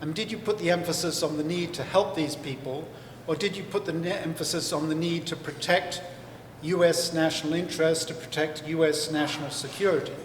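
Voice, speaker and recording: Speaking a little fast in a fairly high, fairly even voice, a male author and historian answers questions on stage during a live interview at a book festival. He explains things at length and thoughtfully, with lots of fillers and restarts. The large hall sounds echoey, with faint ambience and a slight hiss or hum.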